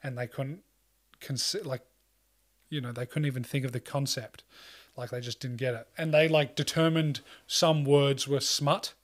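A man's voice: mid-range voice, fairly even intonation, normal speed. A man talking casually in a rambling way, full of fillers and swearing, acting out quoted lines. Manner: acts out quoted lines in a loose voice. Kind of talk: casual chat.

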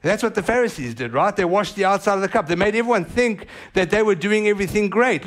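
Man, pastor, sermon, animated delivery, slightly high voice, casual asides. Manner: animated preaching with quick asides.

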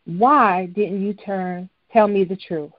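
A woman's voice: mid-range voice, takes it slowly, dry recording. A woman narrator takes on a young woman who keeps pushing her mother for the truth. She is pleading yet stubborn. The recording is dry and lo-fi. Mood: insistent. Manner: pleading, then demanding. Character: young adult daughter, earnest and insistent. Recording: dry, slightly dull lo-fi recording.

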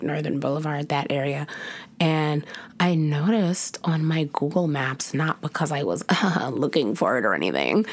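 Low-voiced woman telling food stories. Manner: animated storytelling, lots of "like" and "y'all", swings into dramatic voices. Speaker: podcast co-host. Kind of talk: casual chat.

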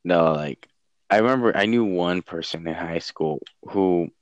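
A young man with a very deep, smooth voice chats casually, pausing often and filling gaps with "like". The recording is dry and close. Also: no echo. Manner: hesitant, many fillers and restarts. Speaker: streamer. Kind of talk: casual chat.

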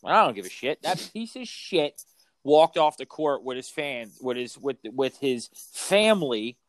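A man's voice: mid-range voice, very animated, a little slow, dry recording. A middle-aged man who coaches youth sports, ranting about basketball on a podcast, swearing heavily and hammering every point. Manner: heated, swearing, emphatic ranting. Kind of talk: profane ranting sports chat.

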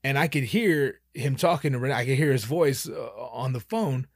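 A man telling a personal anecdote in an animated, profane, emphatic way. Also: medium pitch, normal speed, no echo, studio quality. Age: young adult. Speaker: storyteller.

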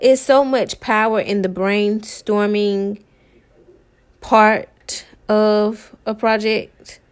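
In a clear, resonant, mid-range voice, a woman draws out her words in a steady tone. She's a tarot reader offering her viewers a casual, upbeat pep talk, speaking loosely with plenty of "y'all," "man," and repeated phrases.

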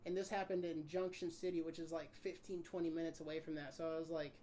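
A man in his twenties telling a story in casual chat with friends, animated and swearing, acting out the voices of the people in it. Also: fairly high pitch, fast talker, a little hiss or hum. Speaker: podcast guest.

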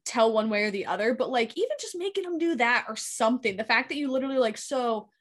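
A woman co-hosting a true-crime podcast, reacting in casual chat, exasperated and quick to laugh. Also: fairly high pitch, expressive, fairly bright tone. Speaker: podcast co-host.

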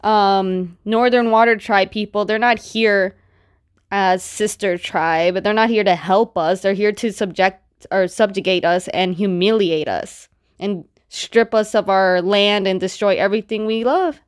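A woman's voice: mid-range voice, steady tone, unhurried, clear, resonant tone, natural voice. A woman quoting an angry rebel leader in her own voice, heated and accusing.

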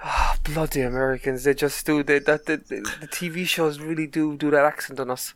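An Irish man co-hosting a podcast and chatting casually about a TV episode, animated and often stumbling over his words. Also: a little high, brisk. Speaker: podcast co-host. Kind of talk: casual chat recapping a TV episode.

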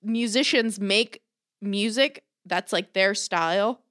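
A woman's voice: medium pitch, slow pace, fairly bright tone, no room sound, clean studio sound. Chatty young woman, filler-heavy storytelling. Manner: rambling, full of "like", swears freely. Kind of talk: casual chat, storytelling.

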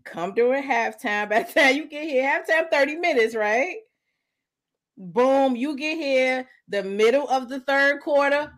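A young adult woman co-hosting a casual podcast chat, loud, brash and profane, often breaking into laughter. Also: high-pitched, measured pace. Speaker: podcast co-host.

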